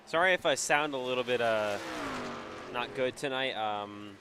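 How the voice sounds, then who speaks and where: A man with a blocked, stuffed-up voice calls a simulated race in a loose, chatty way as host of the stream. His pitch sits in an ordinary middle range. A clear hiss of background noise runs under the recording. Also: normal speed. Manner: relaxed and chatty, with frequent fillers. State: stuffed-up, congested voice. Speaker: sim racing commentator and stream host. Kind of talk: casual live race commentary.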